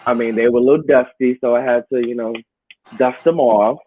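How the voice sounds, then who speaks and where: A man, a wrestler, talking in a casual interview, telling animated stories and laughing along the way. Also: mid-range voice, brisk, phone-quality sound. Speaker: wrestler guest.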